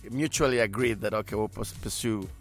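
A man's voice: fairly low pitch, brisk, faint music behind. A male co-host in casual chat, often restarting his sentences.

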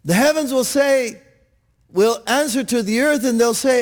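A man's voice: very high voice, normal speed. A man preaching a sermon in church, earnest, often restarting his words and asking "Amen?". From Texas, USA. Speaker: pastor.

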